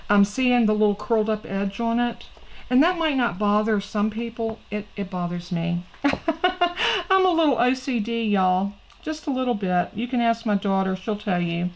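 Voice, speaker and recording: A woman's voice: medium pitch, lively intonation, normal speed, a little mellow, poor audio. A middle-aged woman, hosting a casual craft tutorial in a chatty, folksy way and talking straight to her viewers. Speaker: crafting channel host.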